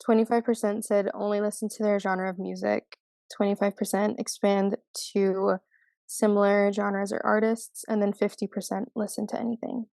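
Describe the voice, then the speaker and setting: A woman's voice: mid-range voice, level tone, normal speed, gravelly, warm tone, dry recording. A young woman in her twenties co-hosting a podcast, chatting casually, gushing and laughing often. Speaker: podcast co-host. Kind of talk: casual chat.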